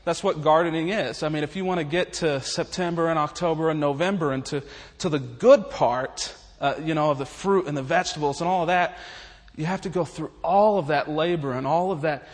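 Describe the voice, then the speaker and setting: A man's voice: a little high, a little fast. A man preaching in a humorous, folksy way, chuckling his way through stories. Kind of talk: humorous storytelling sermon. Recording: long reverb of a large hall.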